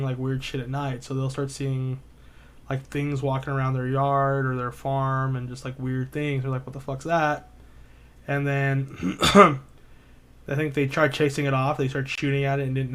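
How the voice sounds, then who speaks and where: A man's voice: medium pitch, fairly bright tone. A man co-hosting a podcast in casual chat, rambling through a retold story with lots of swearing and filler words. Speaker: podcast co-host.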